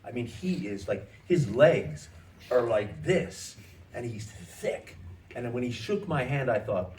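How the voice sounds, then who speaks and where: A man's voice: medium pitch, slow pace. Man in his 60s, guest actor, anecdotal festival Q&A, roomy echo, faint background hiss. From United States. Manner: animated anecdotes, frequent restarts. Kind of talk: festival Q&A storytelling. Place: festival event hall. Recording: echoey room, distant mic, faint noise.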